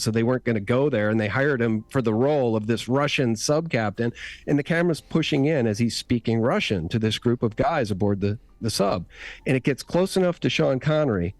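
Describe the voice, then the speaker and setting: A man's voice: mid-range voice, dry recording. A man talking casually as a guest on a call-in show, retelling film scenes at length. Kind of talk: casual chat.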